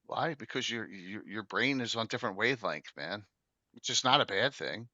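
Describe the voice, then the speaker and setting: A man's voice: on the low side, expressive, normal speed, bright, forceful tone, no echo, highs cut off. A middle-aged man hosting a casual tabletop gaming chat, rambling with many fillers and restarts. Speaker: podcast host.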